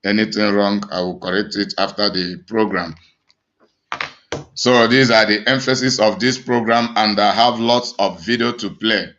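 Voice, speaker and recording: A man's voice: on the low side, steady tone, normal speed, a bit bright, muffled recording. A man with a Nigerian accent, an evangelist preaching emphatically to his online audience, with many restarts and fillers. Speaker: evangelist and channel host.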